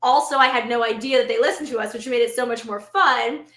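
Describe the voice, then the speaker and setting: Woman co-host, bright and a bit high, roomy sound, teasing tone. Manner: playful teasing, quick quips. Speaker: podcast co-host. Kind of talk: casual chat.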